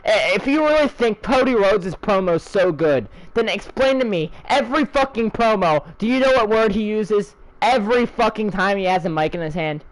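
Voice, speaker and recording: A man's voice: high-pitched, animated, moderate pace, hardly any pauses, low-quality recording. A young man delivering an angry, profane, sarcastic rant as a channel host.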